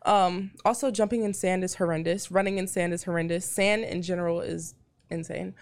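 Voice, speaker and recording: A woman's voice: fairly low pitch, steady tone, fairly quick, a little mellow. A young woman talking as a podcast guest, chatty and laughing, with lots of "like" fillers. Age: young adult. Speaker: guest, college volleyball player. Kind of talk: casual podcast chat.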